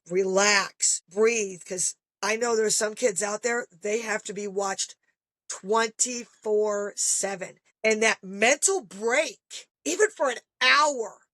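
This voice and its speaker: A woman's voice: medium pitch, takes it slowly, dry recording. A middle-aged woman, a parent, talking casually and animatedly, acting out the people she quotes. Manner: animated storyteller, acts out quoted voices. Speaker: guest parent. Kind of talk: casual podcast conversation.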